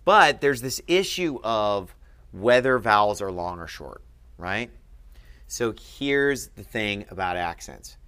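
Patient low-voiced male teacher. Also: lively intonation, slow, a bit bright, clean tone. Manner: patient, checks in with frequent "okay?". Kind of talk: explaining grammar at a board.

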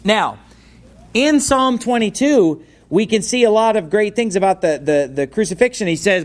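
A man's voice: high voice, lively intonation, moderate pace. A man preaching as a pastor, reading scripture aloud and then expounding on it with rising intensity. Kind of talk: sermon.

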